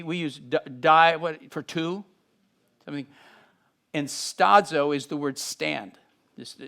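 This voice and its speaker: Animated man teaching the Bible. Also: a little high, vocal fry. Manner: animated, acts out scenes with sudden shifts in loudness. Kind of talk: Bible teaching, reading aloud with asides.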